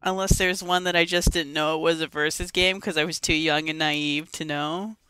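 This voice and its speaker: A woman's voice: low voice, fairly even intonation, moderate pace, pushed and bright, clear, resonant tone. A young woman co-hosting a casual gaming podcast, giggly and self-mocking. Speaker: podcast co-host.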